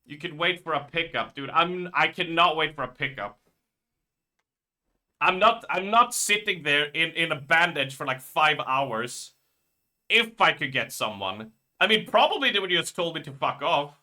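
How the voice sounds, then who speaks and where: Bright-voiced man rambling on stream. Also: fairly high pitch, lively intonation, moderate pace. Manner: rambling, profane storytelling. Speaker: live streamer. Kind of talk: casual live-stream chat.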